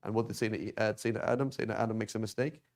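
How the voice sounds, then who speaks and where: A man's voice: fairly low pitch, fairly even intonation, racing. A man teaching an informal Arabic class, talking conversationally and tossing rhetorical questions at his students.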